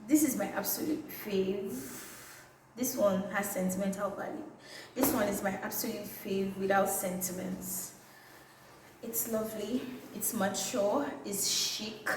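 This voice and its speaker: A young woman with a Nigerian accent, chatting playfully and excitedly in a casual vlog. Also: mid-range voice, slight background noise. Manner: playful and excitable, drawn-out catchphrases. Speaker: vlogger. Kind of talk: casual vlog showing items to camera. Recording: very echoey room, slightly distant mic.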